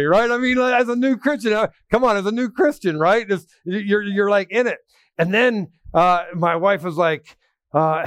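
A man's voice: high-pitched, expressive, measured pace, fairly bright tone, no room sound. Folksy preacher man, dry close sound. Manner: folksy storytelling with asides to the congregation. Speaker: pastor. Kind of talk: sermon.

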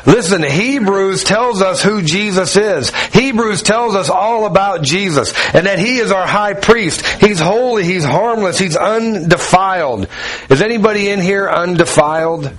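Pastor guy with a high voice, chatty sermon, jokes around with the crowd. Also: animated, unhurried, a bit bright, low-quality recording. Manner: conversational preaching with jokes and asides.

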